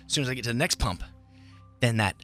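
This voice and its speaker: A man co-hosting a morning radio show, telling a story in an animated way and acting out his own shouting. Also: mid-range voice, fast talker, soft background music. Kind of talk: casual radio banter.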